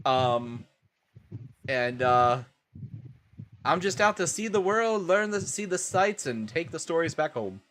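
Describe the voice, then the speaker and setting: A man's voice: a little high, very animated, slow pace, pauses often, a bit bright, slight background noise, full character voice. A man voicing a finely dressed male gator traveler with a shaky attempt at a Cajun accent. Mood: cheerful.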